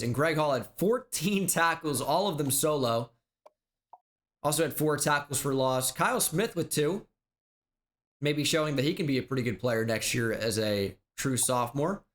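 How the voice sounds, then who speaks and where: A man giving casual video game commentary, rattling off stats in a quick, offhand way. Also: medium pitch, fairly bright tone. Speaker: gaming YouTuber.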